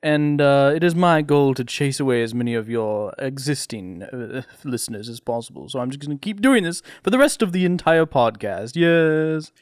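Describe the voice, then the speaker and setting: Guy cohosting a podcast, dry close sound, deadpan jokey chat. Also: medium pitch, normal speed, hardly any pauses, dry recording. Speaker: podcast co-host. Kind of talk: casual chat.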